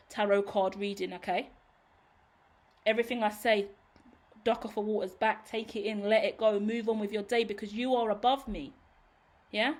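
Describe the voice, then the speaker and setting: A woman doing a casual tarot reading to camera. She rambles and reassures, talks straight to the viewer, swears casually and laughs at her own tangents. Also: a little high. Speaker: tarot reader.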